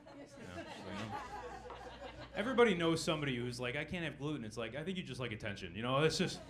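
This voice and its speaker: A young comic works a club stage, speaking fast at a medium pitch as he delivers deadpan jokes and interacts with the audience.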